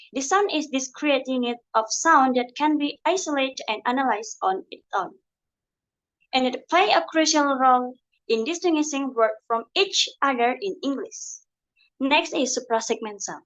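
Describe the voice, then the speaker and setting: Young woman, from Indonesia, high voice, student presenter, careful halting delivery. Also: fairly bright tone, rough recording. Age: young adult. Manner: careful, halting explanation from notes. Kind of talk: class presentation.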